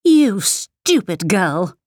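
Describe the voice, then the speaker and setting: A woman voicing a cruel, bitter sorceress who treats her daughter with slow, cutting scorn. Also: on the low side, animated, a little mellow, no echo, studio quality. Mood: screaming rage.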